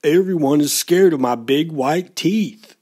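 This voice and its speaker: A man's voice: high-pitched, sing-song, slow, mellow, voice pushed up, exaggerated voice. A man voicing a lonely, friendly young male shark in a storybook read-aloud, with an eager sing-song delivery. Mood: wailing.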